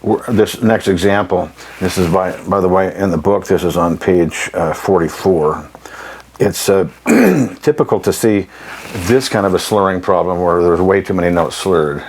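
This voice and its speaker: A man with a very deep, low voice teaches jazz phrasing in a plain-spoken, emphatic way, often clearing his throat as he goes. A faint hiss of noise sits under the recording. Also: normal speed, darkish tone, low-quality recording. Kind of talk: instructional demonstration.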